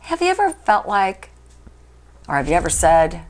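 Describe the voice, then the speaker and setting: A woman's voice: fairly low pitch, huge pitch swings, normal speed. A woman podcast host in her thirties, talking casually and rambling through her points with frequent restarts. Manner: rambling, self-interrupting, chatty. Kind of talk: casual chat.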